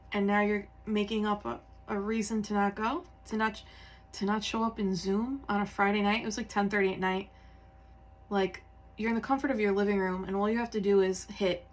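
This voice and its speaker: A woman tarot reader in a casual, confessional talk. She is candid and a little tearful, and she rambles with fillers and self-corrections. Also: mid-range voice.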